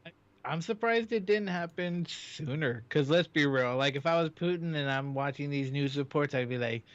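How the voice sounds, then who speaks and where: A man's voice: on the high side, moderate pace, no room sound. Joking radio co-host man, dull audio. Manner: joking, relaxed, laughs easily. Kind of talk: casual talk radio chat.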